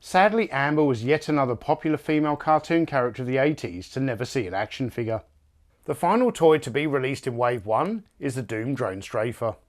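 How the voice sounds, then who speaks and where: A man's voice: medium pitch, a little fast. Man narrating a toy review. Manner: even, polished read.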